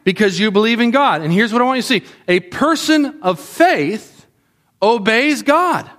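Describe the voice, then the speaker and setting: Bright, lively man preaching to kids. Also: extremely high pitch, normal speed. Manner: animated, asks the kids questions. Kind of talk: sermon to children.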